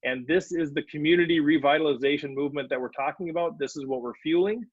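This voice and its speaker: A man's voice: a little high, quick pace, breathy edge, no echo. A man hosting a podcast interview in a friendly way, starting many phrases with "uh". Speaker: podcast host. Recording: dry, dull, lo-fi recording.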